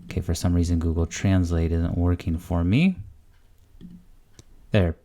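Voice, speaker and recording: Young male host, deep and mellow, easygoing screen-share tutorial delivery. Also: a little slow. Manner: relaxed and chatty, thinking aloud with frequent "uh". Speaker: language-learning channel host. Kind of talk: casual screen-recorded tutorial.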